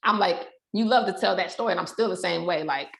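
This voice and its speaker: A woman guest on a podcast, chatting casually and telling animated stories about her family. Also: fairly low pitch, fast talker, vocal fry. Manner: animated storyteller who acts out family quotes. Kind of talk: casual chat. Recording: roomy echo.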